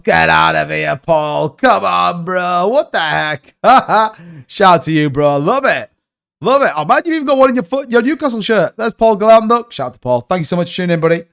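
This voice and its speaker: A young man hosting a live crypto stream, talking excitably and rambling straight to his viewers. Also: high voice, brisk, gravelly. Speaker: crypto channel host. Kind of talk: live-stream market commentary.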